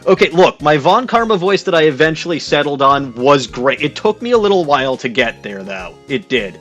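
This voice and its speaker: A man's voice: on the high side, big pitch swings, fairly quick, hardly any pauses, a bit bright, faint music behind. A man hosting a video game let's play, giving casual commentary in a rambling, sarcastic way. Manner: rambling, sarcastic, with many fillers and restarts.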